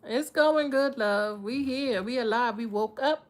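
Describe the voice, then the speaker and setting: A woman's voice: fairly high pitch, a little slow. A woman, giving a live-stream tarot reading in a blunt, profane, streetwise way. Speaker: tarot reader.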